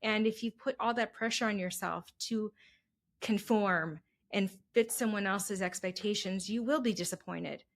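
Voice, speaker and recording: A middle-aged woman giving calm, encouraging advice as a podcast guest. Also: mid-range voice, normal speed. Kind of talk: casual interview chat.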